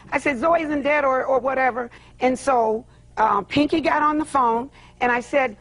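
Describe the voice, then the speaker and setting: Husky middle-aged woman, emphatic witness. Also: high voice, moderate pace, a bit bright. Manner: emphatic, dramatic retelling of a dialogue. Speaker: witness, the plaintiff's mother. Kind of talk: testifying on a courtroom show.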